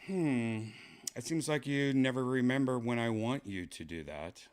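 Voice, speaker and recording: A man hosting a podcast in a deadpan, trolling manner, mumbling with drawn-out fillers and muttered asides. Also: mid-range voice, clean tone. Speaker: podcast host. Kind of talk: casual chat, deadpan trolling.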